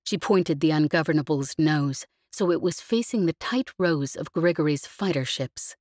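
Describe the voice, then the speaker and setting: A woman narrating an audiobook with an expressive, vivid storytelling delivery. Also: sits low, moderate pace, no echo, studio quality.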